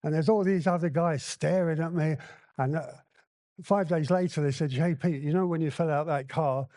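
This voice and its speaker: A man's voice: fairly high pitch, moderate pace, mellow, no echo. A man sharing his recovery story at a convention, telling it bluntly and candidly and acting out the dialogue. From Hong Kong. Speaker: recovery meeting speaker. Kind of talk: personal recovery share at a convention. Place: convention hall.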